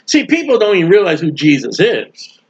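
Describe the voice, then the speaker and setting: A man preaching a sermon in a folksy, animated way, acting out the voices of people he quotes. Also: high voice, fairly quick, slightly rough, lo-fi sound. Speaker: street preacher.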